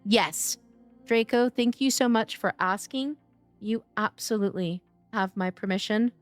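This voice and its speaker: A woman's voice: mid-range voice, measured pace, soft background music. Woman streamer losing her voice. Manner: chatty, teasing, answers chat by name. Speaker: live game streamer. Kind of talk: casual live-stream chat.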